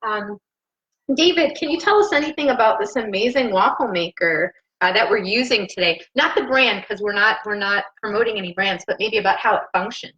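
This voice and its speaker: A woman's voice: mid-range voice, a little fast, a bit bright, dull audio. A woman hosting a casual cooking show from her home kitchen, rambling and laughing often as she cooks, recorded through a laptop microphone. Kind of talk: casual live cooking chat. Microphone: laptop mic.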